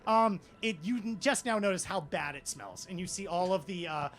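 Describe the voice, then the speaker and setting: A man's voice: high voice, animated, moderate pace, a bit bright, soft background music. A man narrating as game master of a tabletop role-play, rambling with many fillers.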